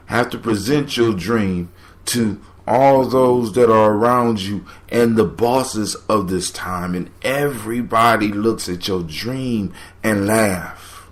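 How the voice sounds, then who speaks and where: A man's voice: fairly low pitch, a little slow, a bit bright. A man hosting a podcast, giving motivational commentary on a folk tale with preachy, emphatic repetition. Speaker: podcast host.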